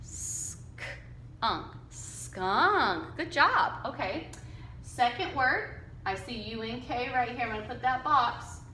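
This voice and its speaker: Slow, bright-voiced woman teaching phonics. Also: a little high, reverberant, a little hiss or hum. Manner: slow, patient, sounds out letters and chunks for kids to repeat. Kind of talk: phonics lesson for young children. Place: classroom with whiteboard.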